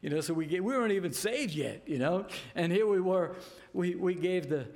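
An older man from New York tells a personal story in a casual, animated way, acting out the voices of the people in it. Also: high-pitched, a little fast. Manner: animated, repeats "I said" and acts out voices in his story. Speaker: storyteller giving a testimony.

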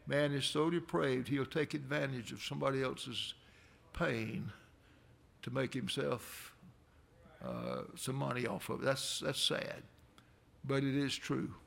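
A man's voice: mid-range voice, expressive, a little slow, gravelly, a bit bright. A man preaching a folksy sermon in a church, rambling into conversational asides with a chuckle now and then. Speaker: pastor. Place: church sanctuary.

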